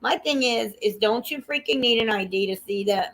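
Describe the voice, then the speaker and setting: A woman hosting a livestream, chatting casually in an excitable, gossipy way, swearing freely and talking to her viewers. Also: a little high, normal speed, creaky, a loud crowd. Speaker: livestream host. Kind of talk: casual chat.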